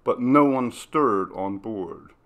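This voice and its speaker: A man narrating a classic ghost story in a measured, dramatic reading. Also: fairly low pitch, dull audio. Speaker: audiobook narrator.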